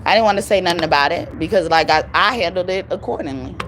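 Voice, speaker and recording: A woman giving a casual live tarot reading, with a strained voice, animated and profane, repeating phrases for emphasis. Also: fairly low pitch, fast talker, slight background noise. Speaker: tarot reader.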